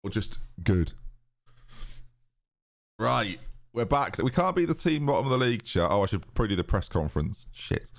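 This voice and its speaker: With a lowish, sing-song voice and some vocal fry, a British man casually commentates his football management game stream at normal speed. He pauses at length, reads viewer messages out, and stays sarcastic.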